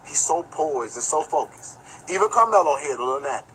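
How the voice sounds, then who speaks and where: A man's voice: a little high, expressive, fairly quick, fairly bright tone, a little hiss or hum, rough recording. A man giving casual livestream commentary, telling a rambling, profane story and talking straight to his viewers. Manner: talks straight to viewers, reads chat aloud. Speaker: online commentator.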